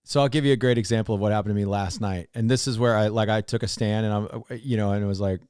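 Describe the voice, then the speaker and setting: A man co-hosting a podcast as a pastor, telling a long story in casual chat with many restarts and animated retellings. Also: on the low side, fast talker, clear, resonant tone, dry recording, clean studio sound. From Oregon, United States.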